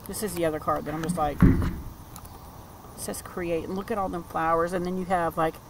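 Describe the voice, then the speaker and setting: A man's voice: sits high, slight background noise, low-quality recording. A man sharing tarot decks in a casual vlog, gushing and sentimental as he talks. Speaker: tarot card reader. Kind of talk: casual vlog, showing and reading cards.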